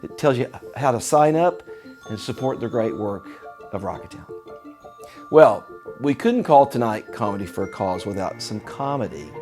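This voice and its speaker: A man's voice: fairly low pitch, lively intonation, normal speed, a little mellow, soft background music. A man hosting a charity fundraiser, reading announcements and introducing a comedian in an earnest way. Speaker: event host. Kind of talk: scripted event announcement.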